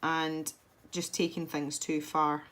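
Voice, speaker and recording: A woman's voice: low-pitched, flat delivery, takes it slowly, fairly bright tone. A woman talking casually as she colours, giving chatty tutorial tips in a self-deprecating way.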